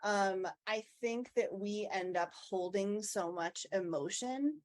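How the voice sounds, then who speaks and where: A woman co-hosts a podcast in a casual chat, speaking slowly in a medium-pitched, darkish voice. An agile coach, she comes across as open, reflective and chatty.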